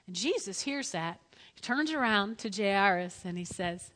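Bright-voiced woman preaching in a hall. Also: mid-range voice, measured pace. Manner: animated storytelling, acting out quotes. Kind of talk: lively sermon.

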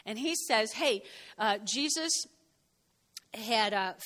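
A woman's voice: fairly high pitch, lively intonation, slow pace, a bit bright, big-room sound. A woman reading a Bible passage and explaining it in a conversational way. She often asks "okay?" and acts out the lines she quotes. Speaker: Bible teacher.

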